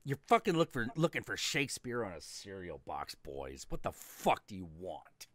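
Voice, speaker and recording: A man doing a gruff scornful comic artist. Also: deep voice, wildly swooping pitch, normal speed, fairly bright tone, heavily acted. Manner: scornful, cursing.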